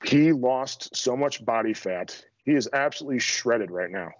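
A man's voice: mid-range voice, animated, normal speed, no echo, muffled recording. A middle-aged man, a strength coach, talking as a podcast guest in a blunt, direct, self-deprecating way. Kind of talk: casual interview chat.

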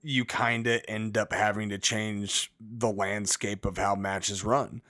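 A man co-hosting a podcast, chatting casually about wrestling in a measured, agreeable way. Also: lowish voice, fairly even intonation, sharp tone, no echo, clean studio sound. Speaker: podcast co-host.

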